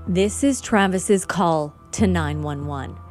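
A woman host giving scripted true-crime narration in a measured, sober way. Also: on the low side, a little mellow, faint music behind.

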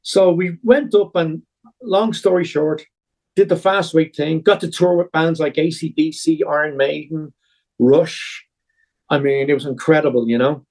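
A man's voice: fairly high pitch, steady tone, a little slow, darkish tone. A middle-aged Irish man, a musician guest on a podcast, telling long rambling stories with plenty of fillers. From Ireland. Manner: rambling storyteller with many fillers. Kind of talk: podcast interview.

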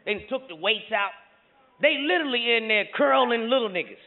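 High-voiced profane stand-up comedian man. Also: lively intonation, brisk, narrow, tinny audio, very noisy. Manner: profane, storytelling, rowdy punchlines. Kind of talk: stand-up routine. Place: live theater stage with audience.

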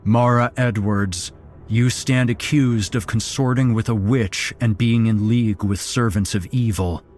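A man's voice: lowish voice, fairly even intonation, measured pace, darkish tone, soft background music, voice pushed up, close to an everyday voice. A man playing a roaring cruel cult leader. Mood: accusing. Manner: accusing, menacing, roaring when defied. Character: cruel male cult leader passing judgment.

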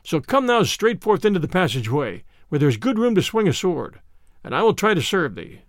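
A man's voice: sits high, very animated, brisk, dry recording, clean studio sound. A man voicing a hearty, bold outlaw who speaks in old-fashioned courtly phrases, in a storybook reading. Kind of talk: storybook character voice.

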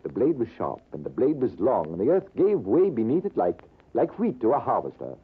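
A husky army major, swinging his pitch wide as he spins his war story. His telling is measured and dramatic. The sound is thin and lo-fi, like an old radio broadcast. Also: huge pitch swings, exaggerated voice. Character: British army major spinning a tale. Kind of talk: 1940s radio acting.

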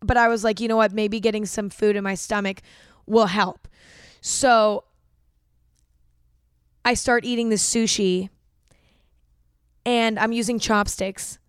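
A young woman hosts an advice podcast, telling her own story in loose, casual talk full of swearing and "like". Her voice is smooth and clear. It is recorded dry on a close mic, with no room sound. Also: mid-range voice, no room sound. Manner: candid, swears freely, fills with "like". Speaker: podcast host giving advice.

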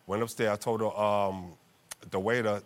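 A man testifying as a husband in a TV court case, playful and animated as he tells his story. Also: fairly low pitch, normal speed. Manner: playful, animated storyteller who laughs a lot.

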